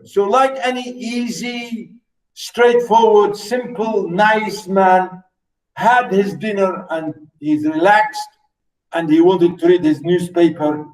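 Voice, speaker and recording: Slow, hesitant male lecturer. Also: sits high, darkish tone, rough recording. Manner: hesitant, many fillers and repeated phrases; explanatory, stops to explain words and pronunciation. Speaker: literature lecturer. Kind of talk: recorded literature lecture.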